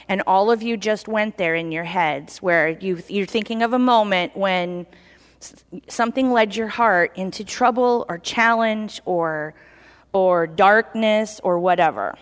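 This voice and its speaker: A woman giving an informal sermon in a church, chatty and animated, acting out little voices as she tells the story. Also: mid-range voice. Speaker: lay preacher. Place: church hall. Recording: reverberant hall.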